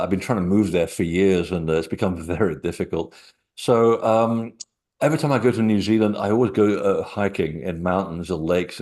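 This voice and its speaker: A man's voice: low voice, a little mellow. A middle-aged man, a guest author, talking casually in an interview and telling rambling anecdotes with many fillers.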